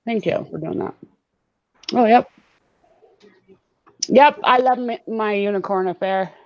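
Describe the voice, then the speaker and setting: A woman's voice: mid-range voice, measured pace, darkish tone, no echo. A woman hosting a casual live-stream hangout, chatting, laughing often and reading comments from the chat aloud over a video call. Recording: dull, lo-fi video call audio.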